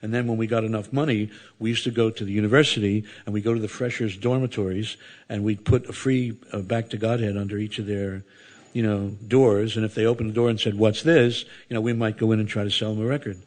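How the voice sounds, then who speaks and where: Older man telling a lively sermon story. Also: lowish voice, fast talker. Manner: animated storyteller, acts out voices, many asides. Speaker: temple speaker. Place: temple hall before an audience.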